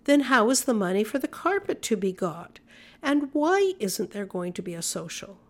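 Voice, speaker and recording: A woman's voice: on the high side, big pitch swings, normal speed. A woman reading the lines of a perplexed, blustering older male church elder.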